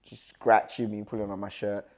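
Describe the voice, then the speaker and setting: Young man, lowish voice, guest recounting his story with lively, acted-out dialogue. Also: moderate pace. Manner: animated, acts out quoted dialogue, nervous laughs. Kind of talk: personal storytelling.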